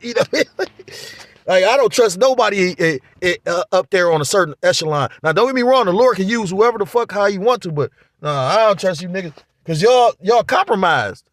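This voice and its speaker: A man's voice: high voice, no room sound, clean studio sound. A man vlogging a casual spiritual monologue, rambling and profane. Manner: profane, rambling, animated ranting.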